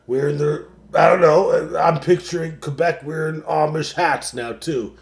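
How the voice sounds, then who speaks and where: A young man hosting a late-night sports livestream, ranting, swearing constantly and working himself up into shouting. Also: fairly high pitch, moderate pace, creaky, hardly any pauses. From Canada. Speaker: sports show host. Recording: roomy echo.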